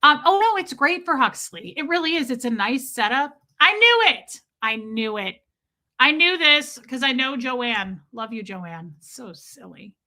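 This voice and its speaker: A woman hosting a livestream, telling a story in a chatty, animated way while greeting her chat. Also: on the high side, unhurried. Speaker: livestream host.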